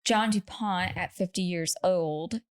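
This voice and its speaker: Woman, podcast co-host, lowish voice, chatty storytelling, casual filler words. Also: takes it slowly, clean tone. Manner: chatty, laughing asides, lots of "like". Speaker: podcast co-host telling a true-crime story.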